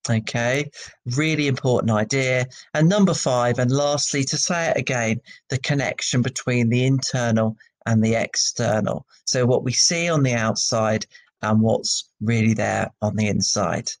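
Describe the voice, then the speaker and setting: Male teacher, poetry lesson, medium pitch, loose and conversational, lots of ums. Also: normal speed. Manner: conversational, many ums and restarts. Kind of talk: recorded classroom lesson.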